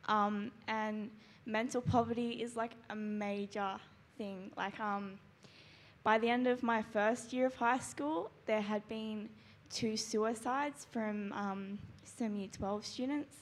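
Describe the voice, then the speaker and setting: A woman's voice: fairly high pitch, steady tone, takes it slowly. A teenage girl sharing earnestly at a church gathering, with many fillers like "um" and "like". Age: teens. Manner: earnest, full of "like" and "um". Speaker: high school student sharing. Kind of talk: casual sharing in a church talk.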